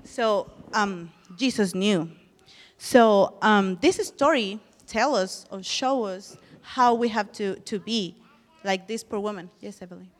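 In a large hall, a woman with a medium-pitched, slow voice teaches a children's Bible lesson at church. She tells the story with animation and asks the children questions.

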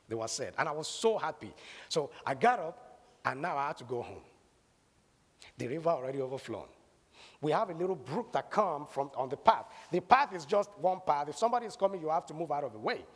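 A man preaching a sermon, telling a personal story dramatically and building to loud exhortation and prayer. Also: on the high side, husky. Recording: long hall reverb.

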